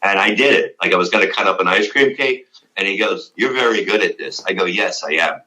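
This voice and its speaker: A middle-aged comedian, telling stories in a casual interview, blunt and profane and rambling with many "you know"s. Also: male voice, low-pitched, fairly quick, pushed and bright, low-quality recording. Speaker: comedian guest.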